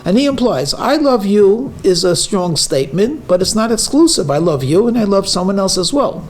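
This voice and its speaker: A man's voice: high voice, big pitch swings, brisk, a little mellow. A man, a rabbi, giving a weekly lecture, telling stories and stressing words to show how emphasis changes meaning. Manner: storytelling, stresses words for emphasis, frequent fillers. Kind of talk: sermon with jokes and teaching.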